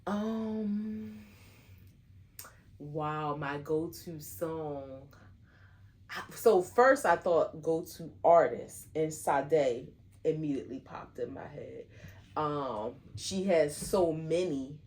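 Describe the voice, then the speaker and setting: Slow, relaxed, low-voiced woman. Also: slight background noise. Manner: relaxed, affectionate, teasing. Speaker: podcast co-host. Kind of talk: casual couple chat.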